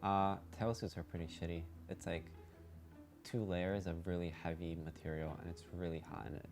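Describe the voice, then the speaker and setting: A man's voice: low voice, little pitch movement, normal speed, darkish tone. A young man with a slight lisp answering interview questions in a blunt, dry, sarcastic way with short replies. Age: young adult. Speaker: interview guest, college student. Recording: faint music underneath.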